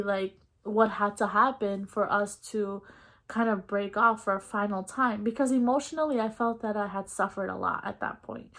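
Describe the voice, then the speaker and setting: A woman's voice: medium pitch, creaky. A young adult woman vlogger telling a personal story in a candid, casual, slangy way, acting out the dialogue as she goes. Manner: candid, expressive, slangy retelling; acts out quoted dialogue in her story.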